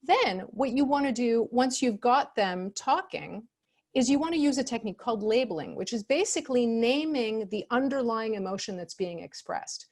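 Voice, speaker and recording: Woman, workshop expert; calm, chatty delivery, slightly high, acts out sample phrases. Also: normal speed. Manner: calm, conversational, many fillers; acts out example phrases in changed tones. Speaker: expert speaker on customer service. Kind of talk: online workshop presentation.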